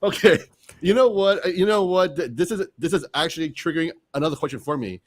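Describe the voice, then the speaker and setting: A man's voice: on the high side, quick pace. A man hosting a casual online interview, chatty and giggling often. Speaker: host.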